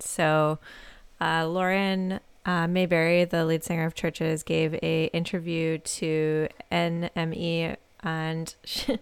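A woman's voice: on the low side, creaky, clear, resonant tone, no room sound. A young woman radio DJ chatting playfully between songs, laughing easily as she talks into a studio microphone.

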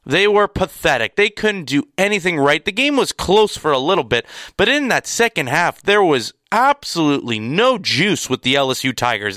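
A man's voice: a little high, bright, forceful tone, clean tone, dry recording, studio quality. A young man giving an opinionated sports recap, emphatic and exasperated, repeating words to drive home his points. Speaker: sports commentator.

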